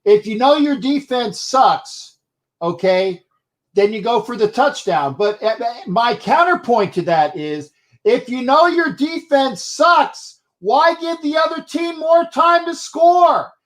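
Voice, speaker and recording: A man's voice: very high voice, animated, takes it slowly, fairly bright tone. A man hosting a casual sports talk show, arguing his point and swearing for emphasis. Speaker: podcast host.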